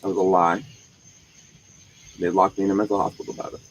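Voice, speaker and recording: A man's voice: sits low, flat delivery, quick pace, a little hiss or hum, rough recording. A man streaming live, talking in a profane monologue that jumps from one topic to the next.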